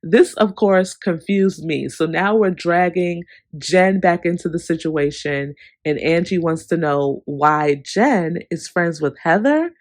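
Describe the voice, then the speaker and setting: A reviewer giving a casual, opinionated recap of a reality TV episode, talking straight to viewers with sassy asides and big animated pitch jumps. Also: slow pace, no room sound.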